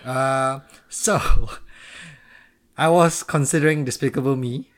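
A man co-hosting a casual podcast, teasing his partner with quick banter during a quiz. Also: medium pitch. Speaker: podcast co-host. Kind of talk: casual chat.

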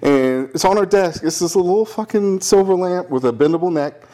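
Heavy background noise surrounds a young man whose voice sits high and moves at a normal speed. As a podcast co-host, he tells a long, casual story, swearing and acting out the people involved with animated voices.

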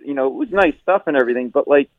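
A middle-aged man hosting morning radio, telling a family story in an animated way and acting out the voices of the people he quotes. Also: mid-range voice, very fast, phone-quality sound. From Rhode Island. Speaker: radio show host.

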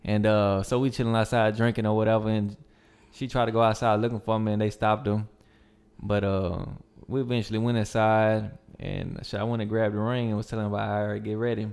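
A man's voice: fairly low pitch, little pitch movement, a little fast, creaky, darkish tone, clean tone. A young man telling a long story in a laid-back, slangy way, full of fillers and restarts. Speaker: podcast guest. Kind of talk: casual storytelling.

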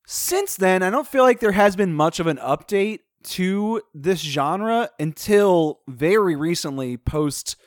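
A man's voice: high-pitched, animated, slow pace, hardly any pauses, no room sound, studio quality. A man co-hosting a film podcast in casual chat, loose and full of "like" and "um". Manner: loose, filler-heavy, full of "like". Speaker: podcast co-host.

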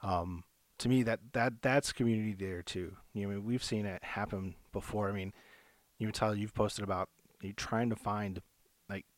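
A man with a lowish voice co-hosts a faith podcast. He talks earnestly and rambles, restarting his sentences often. The sound is dry and close, with no room echo. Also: steady tone, normal speed. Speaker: podcast co-host. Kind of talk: casual faith podcast chat.

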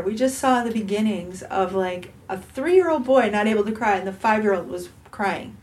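A middle-aged woman hosts a relaxed conversation and tells stories in an ordinary mid-range voice. She is supportive and affirms her guest often. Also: medium pitch, moderate pace, few pauses. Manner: supportive, frequent affirming murmurs. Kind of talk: casual conversation, storytelling.

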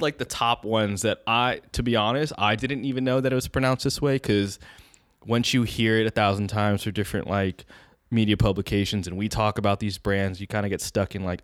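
A man's voice: lowish voice, dry recording, clean studio sound. A young man co-hosting a casual podcast chat, rambling loosely and searching for words. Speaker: podcast co-host.

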